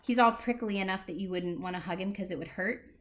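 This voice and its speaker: A woman's voice: mid-range voice, fast. A woman librarian reading a picture book aloud to preschool children, asking them questions as she goes. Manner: animated, talks to small children.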